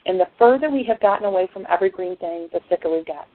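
Husky woman telling an impassioned testimony. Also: on the low side, rapid-fire. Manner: impassioned storyteller, swings between hushed and excited. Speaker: essential oils class speaker. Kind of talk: emotional personal testimony talk. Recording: tinny phone-like dry sound.

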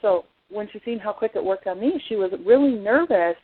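A woman's voice: medium pitch, animated, a little fast, husky. A woman giving an earnest personal testimony as an essential oils presenter, telling her story with frequent restarts. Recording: tinny phone-like sound.

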